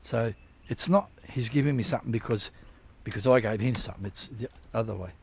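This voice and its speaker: This gold prospector films a vlog outdoors in the drizzle, speaking briskly in a husky, medium-pitched voice. His talk is loose and rambling, heavy on profanity, and he often breaks off to start over.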